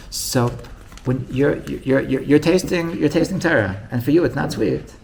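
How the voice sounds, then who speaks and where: A man's voice: medium pitch, moderate pace, gravelly, hardly any pauses, a little mellow, slight background noise. A man, a rabbi, telling a story in a casual, rambling way with many restarts. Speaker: rabbi teaching.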